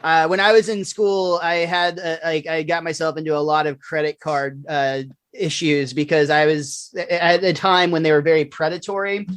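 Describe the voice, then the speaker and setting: A man's voice: a little high, fairly even intonation, moderate pace, fairly bright tone, smooth, dry recording. A young man hosting a podcast, chatting casually with many fillers and frequent laughs. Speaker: podcast host.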